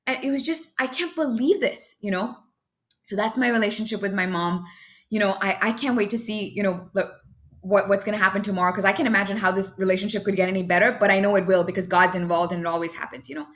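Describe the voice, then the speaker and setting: A young adult woman giving a heartfelt, halting personal testimony about her recovery, full of fillers and restarts. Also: mid-range voice. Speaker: recovery speaker sharing her story.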